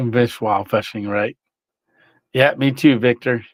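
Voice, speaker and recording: A man's voice: mid-range voice, steady tone, slow pace, dry recording. A man hosting a casual livestream, reading chat, greeting viewers by name and laughing often.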